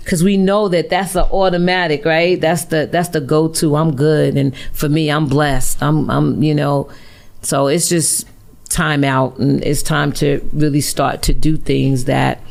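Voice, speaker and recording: Gravelly-voiced woman hosting a studio podcast. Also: deep voice, fairly even intonation, unhurried. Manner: warm, affirming, lots of "um" and "you know". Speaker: podcast host. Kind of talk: casual studio talk show.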